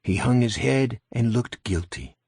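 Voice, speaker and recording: A man narrating an audiobook in a wry, even storytelling manner, recorded close. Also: medium pitch, unhurried, husky, no room sound. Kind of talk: scripted narration.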